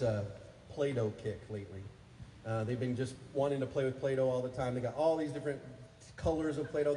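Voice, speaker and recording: A man in his thirties preaching a sermon as pastor, calling out to the congregation and building to loud, fervent peaks. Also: mid-range voice, slight background noise. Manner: energetic preaching, calls for responses, rises to loud peaks. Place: church sanctuary. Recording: echoey hall, faint ambience.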